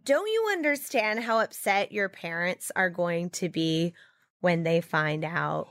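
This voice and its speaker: Giggly woman podcast host doing improv games, slow easy talk, bit high, dry mic. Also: expressive, no room sound. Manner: giggly and playful. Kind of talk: improv comedy chat.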